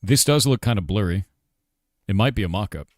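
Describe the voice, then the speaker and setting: His voice sits on the low side, darkish and expressive, and he talks briskly. A game developer in his forties, he's ranting and cursing in a casual live stream chat, with "like" and "dude" coming up again and again. The recording is dry.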